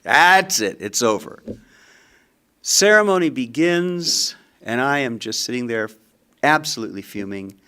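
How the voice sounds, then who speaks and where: An older man telling a personal story, animated and acting out his own rising anger. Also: medium pitch, unhurried, clear, resonant tone. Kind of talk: storytelling talk.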